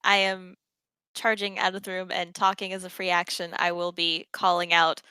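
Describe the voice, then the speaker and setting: A woman's voice: on the low side, completely flat delivery, moderate pace, sharp tone, smooth, no room sound, poor audio. A woman playing in a casual tabletop game, thinking aloud through her turn and chatting with her friends. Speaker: player.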